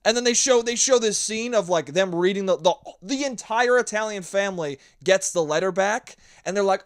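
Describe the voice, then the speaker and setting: A man's voice: high voice, normal speed, hardly any pauses, no room sound, clean studio sound. A young man hosting a solo podcast, ranting sarcastically and swearing a lot while acting out mocking voices. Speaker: podcast host. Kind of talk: solo comedic rant.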